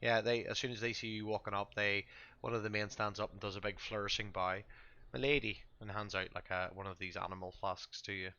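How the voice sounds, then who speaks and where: Brief: deep steady male game master, tense tone, stop-start narration. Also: clear, resonant tone, dull audio. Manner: halting, with many fillers and restarts.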